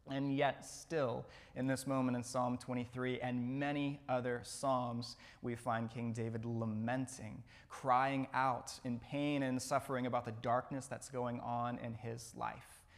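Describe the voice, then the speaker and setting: A man's voice: medium pitch, gravelly. Male pastor, sermon, earnest, repeats phrases for emphasis, church sanctuary.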